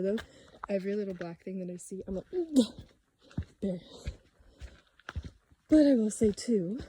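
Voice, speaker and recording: A young woman vlogging as she walks a forest trail, chatting to her handheld camera and a little out of breath from the climb. Her voice is mellow and unhurried, rambling along with light nervous asides. Faint noise sits behind her outdoors. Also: medium pitch. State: slightly out of breath from hiking. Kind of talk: casual vlog talk while hiking.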